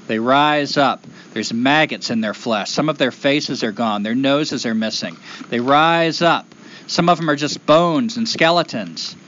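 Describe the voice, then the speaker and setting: Expressive male folktale storyteller. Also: mid-range voice, a little slow, muffled recording, a little hiss or hum. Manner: rhythmic, expressive, repeating phrases.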